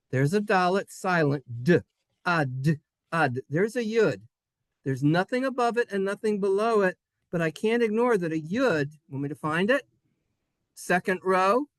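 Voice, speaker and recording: A male teacher leads a playful Hebrew lesson, drawing out letters and syllables in a sing-song way. He speaks slowly in a fairly high voice. The sound is dry and close. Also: fairly bright tone, dry recording. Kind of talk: classroom lesson. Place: synagogue classroom.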